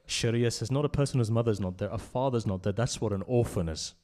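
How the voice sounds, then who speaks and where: A man giving a mourning sermon that moves from hushed, low telling to loud, high, tearful pleading, choked with tears. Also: quick pace. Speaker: speaker at a memorial gathering. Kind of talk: Shia majlis sermon with mournful recitation.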